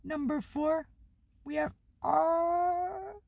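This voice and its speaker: A performer putting on a high, squeaky, nasal cartoon boy voice, announcing a list slowly. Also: fairly even intonation, vocal fry, darkish tone, no echo, exaggerated voice.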